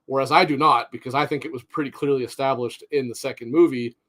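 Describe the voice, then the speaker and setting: A man co-hosting a podcast in casual chat, animated, often repeating words as he starts a sentence. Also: medium pitch, quick pace. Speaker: podcast co-host.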